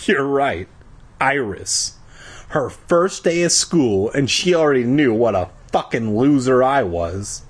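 A man reading a story aloud for laughs, slow and husky with a lively, swinging pitch. He breaks off for crude, sarcastic remarks. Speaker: reader. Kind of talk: comedic book reading with crude asides.

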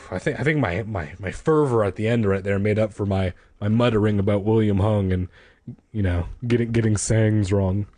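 A man's voice: on the low side, moderate pace, mellow. A man reading a children's horror book aloud, breaking off for playful, self-mocking asides and swearing. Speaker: reader.

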